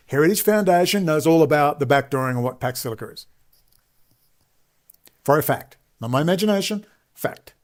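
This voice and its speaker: A combative Australian man rants to camera in a loud, sarcastic monologue. His voice sits a touch higher than most men's. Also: expressive, brisk, long pauses. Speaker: online commentator.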